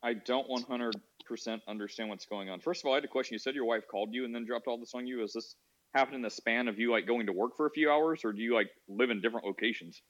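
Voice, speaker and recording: A man hosts a talk show, asking questions quickly and joking around. He talks fast at a middling pitch. The sound is somewhat muffled. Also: fairly bright tone. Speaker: host. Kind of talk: casual talk show hosting.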